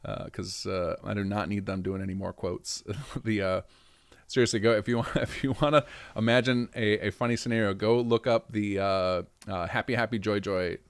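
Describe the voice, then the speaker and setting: A man streaming and commenting on a game he helped mod, chatty and quick to laugh, with rambling asides. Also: lowish voice, steady tone, creaky, clean tone, no echo.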